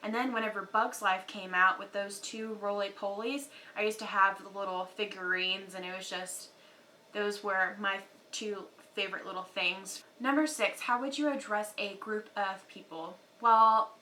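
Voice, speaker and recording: Chatty Texan woman with a bright voice. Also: mid-range voice, fairly even intonation, normal speed, a little hiss or hum, poor audio. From Texas. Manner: chatty, many fillers, says y'all. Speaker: beauty YouTuber. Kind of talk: casual chat to camera.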